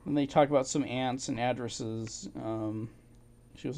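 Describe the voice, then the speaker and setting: Halting, chuckling man thinking aloud. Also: mid-range voice, fairly even intonation, gravelly, a little mellow, slight background noise. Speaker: channel host. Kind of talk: casual commentary while reading old documents.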